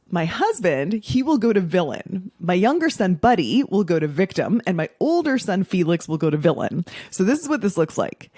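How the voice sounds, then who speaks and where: Woman podcast host, 40s, blunt and salty coaching talk, very animated pitch, dry close sound. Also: no echo. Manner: blunt, profane, playful. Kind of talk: casual podcast monologue.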